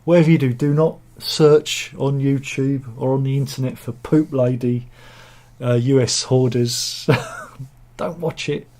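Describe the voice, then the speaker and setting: A man's voice: mid-range voice, steady tone, unhurried, mellow. A British man in a cold room at home, reading viewer comments aloud in a rambling, joking, self-mocking chat. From Britain. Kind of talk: casual chat.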